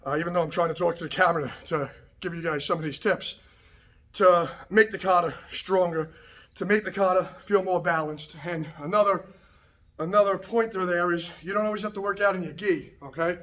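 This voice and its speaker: A man teaching karate to the camera in a casual, relaxed way, a little out of breath after working out, often checking in with "okay" and "right". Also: high-pitched, brisk. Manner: relaxed, repetitive coaching with frequent okay and right. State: slightly out of breath after a workout. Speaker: karate instructor. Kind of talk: casual instructional talk to camera. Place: martial arts practice space, indoors.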